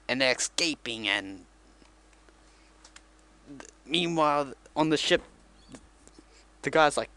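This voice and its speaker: A man's voice: on the high side, animated, takes it slowly, long pauses, sharp tone. Rambling, jokey guy retelling a movie. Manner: rambling, self-correcting, joking. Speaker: vlogger. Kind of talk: casual comic movie retelling.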